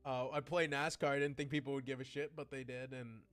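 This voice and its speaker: Smooth-voiced young man streaming. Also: mid-range voice, level tone, fairly quick, fairly bright tone, soft background music. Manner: rambling and heartfelt, with restarts. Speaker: VTuber streamer. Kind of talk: casual livestream chat.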